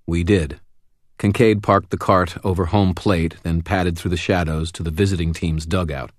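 A man narrating a first-person audiobook in a very deep voice, with a measured, even pace. The sound is dry and close, with no room around it. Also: dry recording.

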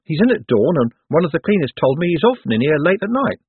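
A nervous office clerk blurts out gossip in a high, hesitant voice, as a man acts him out. It is husky and dry. The sound is tinny and phone-like. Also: very animated, fast, dry recording, exaggerated voice. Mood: blurting.

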